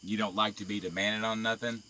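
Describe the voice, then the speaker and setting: A man's voice: fairly low pitch, flat delivery, brisk, sharp tone. Furious, foul-mouthed man ranting. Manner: profane, confrontational, heated. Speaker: live-stream vlogger. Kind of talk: angry live-video rant.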